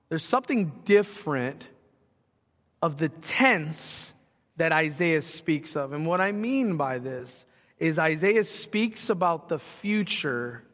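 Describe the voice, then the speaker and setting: A pastor with a high voice preaches to his congregation, leaning on rhetorical questions. His words ring out with a long reverb through the church sanctuary. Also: a bit bright. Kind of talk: sermon.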